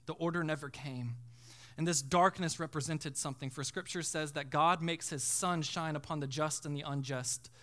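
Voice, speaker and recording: A man preaching a sermon as pastor, dropping to a hush and then swelling to loud cries. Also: a little high, fairly even intonation, normal speed. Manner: preaching with dramatic swells from hushed to shouting.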